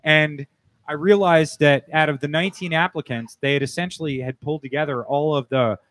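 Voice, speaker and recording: A man's voice: on the high side, fairly even intonation, a little fast, a bit bright, dry recording. A man hosting a casual podcast chat, telling long rambling stories full of restarts and "like". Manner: rambling storyteller, many restarts and "like". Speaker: podcast host.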